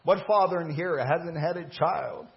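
A male pastor preaches to his congregation, voicing the people in his story as he builds toward each point. His voice sits a little high for a man, and the recording is dull and lo-fi. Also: a little slow. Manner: preaching with rising emphasis and dramatized quotes. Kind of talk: sermon. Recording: muffled lo-fi church recording.

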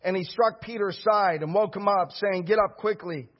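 Preaching in a husky, high voice at an ordinary pace, this middle-aged pastor calls out for his congregation's replies and works up to shouting. The sound quality is lo-fi.

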